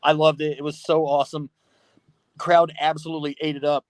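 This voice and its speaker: A man in a podcast studio tells a story with lots of laughter and freely swears. His voice sits a bit high, and the sound is close and dry. He talks casually, like he is chatting with friends. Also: flat delivery, brisk, dry recording. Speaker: podcast guest, pro wrestler.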